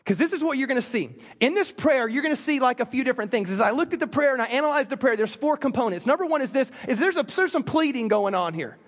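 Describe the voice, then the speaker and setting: A man pastor preaching a sermon in a casual, animated storytelling manner, full of fillers. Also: very high-pitched, big-room sound.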